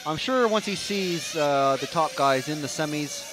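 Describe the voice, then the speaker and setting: A man with a slightly high, expressive voice rambles casually through live race commentary at a normal speed, stuffing his talk with fillers. He's chatty and trackside at an outdoor racetrack, with background noise in the recording.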